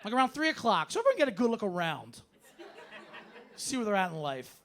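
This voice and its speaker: A man's voice: sits high, big pitch swings, a little fast, a bit bright. A man doing a stand-up set in a club, ranting sarcastically and swearing freely. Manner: loose, profane, sarcastic ranting. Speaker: stand-up comedian. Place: comedy club stage.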